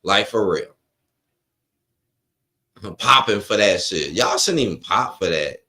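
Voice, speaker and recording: Male streamer: animated, frustrated ranter with a wide-ranging pitch and lots of profanity. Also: slow pace. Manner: frustrated, profane ranting, reads chat aloud. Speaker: wrestling watch-along streamer. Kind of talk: live-stream reaction rant.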